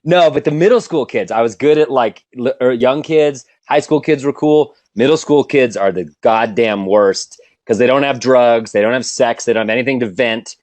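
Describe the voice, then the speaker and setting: A man's voice: medium pitch, moderate pace, hardly any pauses, darkish tone, no echo. A man guesting on a podcast, telling wry, profane stories in a casual chat. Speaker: guest comedian.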